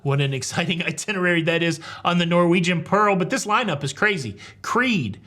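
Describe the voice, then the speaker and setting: A man's voice: high voice, lively intonation, brisk, pushed and bright. Wry, joking male cruise-news host. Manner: wry, sarcastic, rambling jokes. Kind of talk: casual comedic commentary.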